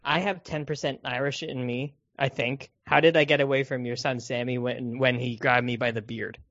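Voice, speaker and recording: A man's voice: mid-range voice, little pitch movement, moderate pace, fairly bright tone, dry recording. Joking man, dry lo-fi sound. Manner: joking, slips into quoted character voices. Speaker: podcast co-host. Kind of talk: casual movie review chat.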